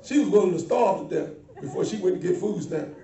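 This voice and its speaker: A woman preaching a sermon to a congregation, shifting between low asides and loud shouting. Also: animated, fairly quick, far from the mic. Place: church sanctuary. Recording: echoey church, mic from afar. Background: faint congregation.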